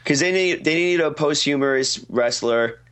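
A man's voice: fairly high pitch, a little slow, a bit bright, clear, resonant tone. A young man co-hosting a casual podcast chat, eagerly offering hopes and suggestions, often starting with hesitant fillers. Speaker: podcast co-host.

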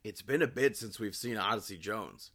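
A man co-hosting a casual podcast, making picks in a relaxed way and laughing at his own jokes. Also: on the low side, normal speed. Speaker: podcast co-host. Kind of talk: casual wrestling podcast chat.

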